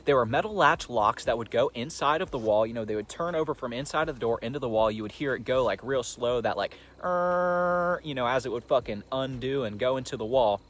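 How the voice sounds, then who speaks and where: Fast-talking young man telling a story. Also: mid-range voice, a bit bright. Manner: rambling, profane, full of fillers. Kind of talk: casual storytime monologue.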